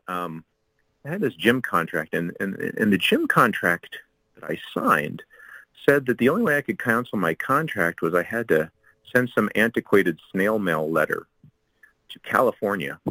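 A man's voice: lowish voice, pushed and bright, no echo, rough recording. A man explaining church canon history in a casual talk, rambling with many fillers and asides.

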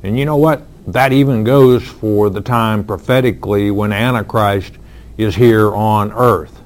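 A man preaching a sermon, explaining scripture in an earnest way with frequent fillers. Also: fairly low pitch. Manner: earnest, slow, with fillers and emphatic lines. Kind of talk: expository sermon.

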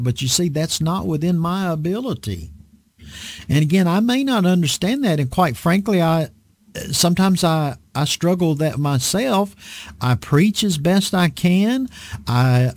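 A male preacher giving an earnest, unhurried sermon-style talk on a program, with frequent fillers and restarts. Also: on the high side, darkish tone, dry recording.

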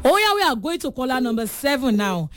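A Nigerian woman hosting a lively call-in radio game show, switching between English and Yoruba and teasing her callers. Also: high voice, fast, music in the background. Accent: Nigerian, Yoruba-speaking.

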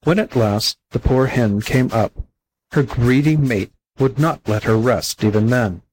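A man with a husky, slightly breathy voice narrates an old animal fable for a volunteer audiobook. His reading is plain and steady, at an ordinary middle pitch. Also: measured pace, rough recording. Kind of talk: storybook narration.

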